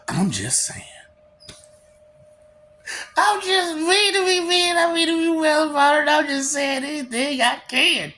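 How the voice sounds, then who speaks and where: A man's voice: fairly high pitch, slight background noise. A man giving a rambling solo monologue in a manic, taunting way, breaking into cackles between lines. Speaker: vlogger.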